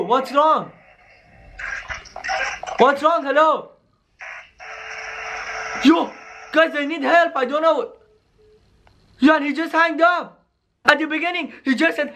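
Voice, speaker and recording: Man, very high voice, excitable youtuber, scripted scary skit vlog, keeps saying yo and guys. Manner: excitable, constantly addresses viewers with "yo" and "guys".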